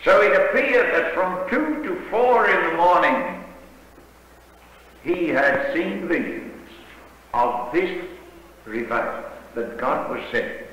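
An older man preaching, retelling a story slowly and dramatically with quoted dialogue. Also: fairly high pitch, animated, a bit bright, slight background noise. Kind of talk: sermon storytelling. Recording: echoey hall with long reverb.

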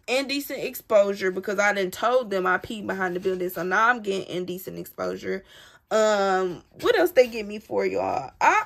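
A woman telling a personal story in a casual, dramatic way, talking straight to her viewers. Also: medium pitch. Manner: animated, dramatic retelling addressed straight to viewers. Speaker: storyteller vlogger.

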